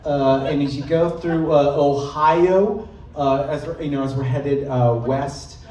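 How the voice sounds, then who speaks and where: Halting man doing stand-up in a club. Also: medium pitch, steady tone, dark tone. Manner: hesitant, halting delivery full of ums and uhs; jumps into brief mock regional accents. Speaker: stand-up comedian. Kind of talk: live stand-up set. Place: live club stage. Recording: roomy club audio from far off. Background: audience laughter.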